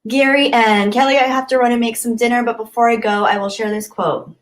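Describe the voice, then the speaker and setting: A woman's voice: fairly high pitch, steady tone, brisk. A woman streamer chatting casually with her viewers, reading their comments aloud, rambling and giggling often. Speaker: live streamer.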